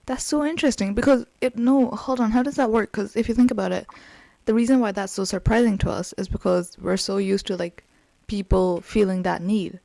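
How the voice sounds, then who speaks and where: A woman's voice: medium pitch, fairly even intonation, fairly quick, vocal fry, mellow, no echo. A woman co-hosting a podcast in casual chat, curious and thinking aloud with lots of questions. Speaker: podcast co-host. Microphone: remote call.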